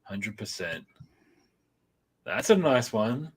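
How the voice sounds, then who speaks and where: Rambling, excitable man. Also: fairly low pitch, slow, a crowd in the background. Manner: rambling, enthusiastic, many restarts. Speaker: podcast co-host. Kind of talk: casual chat about comics and films.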